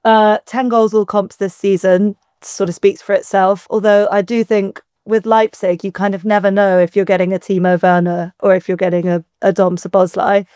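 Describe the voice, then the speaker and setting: A woman joins a casual football chat as a guest, making wry, measured points. Her voice is mid-pitched for a woman and sounds close and dry. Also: little pitch movement, darkish tone, clean tone, no echo. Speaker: podcast guest.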